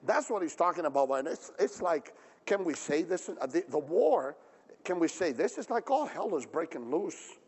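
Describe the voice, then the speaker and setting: A man preaching a sermon as pastor, emphatic and animated, often asking the audience questions. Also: on the high side, moderate pace, breathy edge. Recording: long reverb of a big hall.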